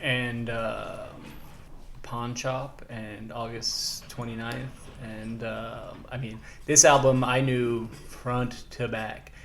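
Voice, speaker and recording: A man co-hosting a podcast, talking casually in a chatty, animated way with lots of "like" asides. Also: medium pitch, takes it slowly, a little hiss or hum. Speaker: podcast co-host. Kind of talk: casual chat.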